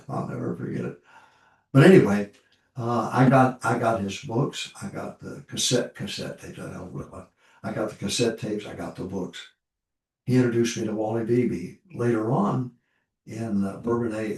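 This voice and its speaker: A man's voice: lowish voice, darkish tone. An older man, a pastor, telling folksy stories in an informal ministry talk and repeating his points for emphasis. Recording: roomy echo, voice from far off the mic.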